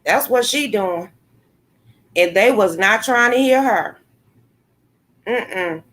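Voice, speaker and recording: A woman hosting a casual livestream, talking bluntly to her chat viewers, swearing freely and reacting with animated commentary. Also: medium pitch, takes it slowly. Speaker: livestream host. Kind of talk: casual live-stream commentary.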